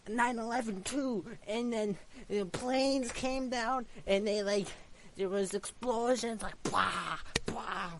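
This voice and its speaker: A man's voice: very high-pitched, slow, background noise. A man telling an improvised, rambling story full of stammering restarts.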